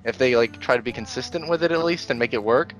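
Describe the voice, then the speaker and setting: A man co-hosting an animation review show, reacting casually, playful and quick to joke. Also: medium pitch, highs cut off, soft background music.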